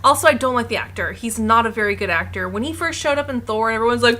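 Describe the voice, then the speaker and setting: A young woman co-hosting an art livestream, ranting in a heated, profane, animated way and laughing often. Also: on the high side, quick pace, hardly any pauses, heavy background noise. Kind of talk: casual livestream rant.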